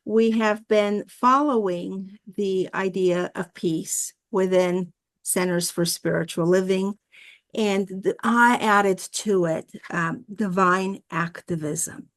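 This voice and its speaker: A woman's voice: medium pitch, steady tone, slow. A woman guest minister giving a sermon over a video call, with friendly asides and a storytelling manner. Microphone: video call mic.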